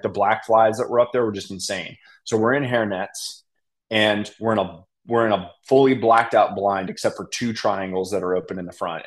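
A young man telling a hunting story in a casual podcast chat, animated and laughing, acting out what others said. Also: lowish voice. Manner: animated, laughing, acts out quotes. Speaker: podcast guest.

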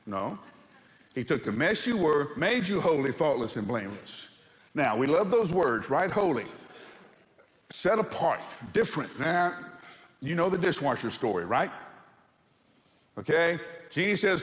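A male pastor delivers a sermon in a church sanctuary, his voice sitting a bit higher than most men's. He tells stories in an animated way and keeps throwing rhetorical questions at the congregation. A long reverb from the large hall trails after his words. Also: moderate pace. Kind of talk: sermon with humorous anecdotes.

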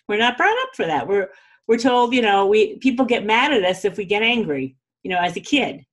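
A woman's voice: mid-range voice, lively intonation, normal speed. A woman in a casual spiritual teaching talk, chatty, often laughing and saying "you know" and "like".

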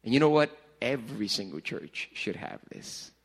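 Lively joking pastor, a middle-aged man. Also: lowish voice, normal speed, gravelly, breathy edge. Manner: energetic, joking, animated swings between loud and hushed. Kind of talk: youth sermon. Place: church hall with a youth crowd.

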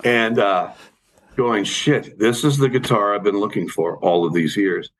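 A man's voice: on the low side, moderate pace, low-quality recording. A middle-aged or older man, a guitarist guest, telling a long casual story with many fillers and restarts.

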